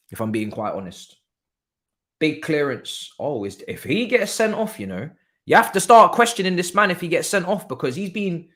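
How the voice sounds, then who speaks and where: A man calls a live football watchalong in loose, slangy chatter. His fairly high voice jumps all over the place when something happens on the pitch. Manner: excitable, slangy, thinking aloud. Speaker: watchalong streamer.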